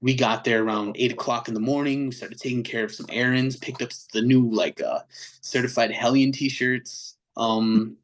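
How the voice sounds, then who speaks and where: A man's voice: medium pitch, normal speed, a little hiss or hum, poor audio. Slangy man telling a story. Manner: animated, slangy, acts out quotes in other voices. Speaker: metal band vocalist, podcast guest. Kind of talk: casual storytelling chat.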